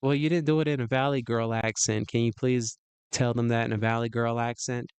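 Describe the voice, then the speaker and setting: Mid-pitched male streamer, playful rambler, crisp dry mic. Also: flat delivery, brisk, no room sound. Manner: rambling and playful, many restarts. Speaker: livestream host. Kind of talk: casual stream chat.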